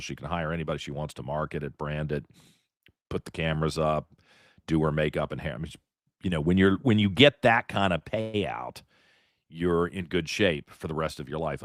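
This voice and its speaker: Low-voiced opinionated male talk host. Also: no room sound, studio quality. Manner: opinionated, rambling, conversational. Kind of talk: live political talk show monologue.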